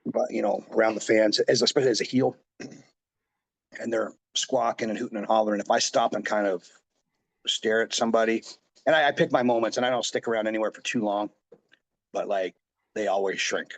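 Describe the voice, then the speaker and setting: Wrestler-coach, 40s, low and husky, rambling easygoing storyteller. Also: male voice, steady tone, a little fast, pauses often. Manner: rambling, loose, full of fillers and asides. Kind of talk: casual interview storytelling.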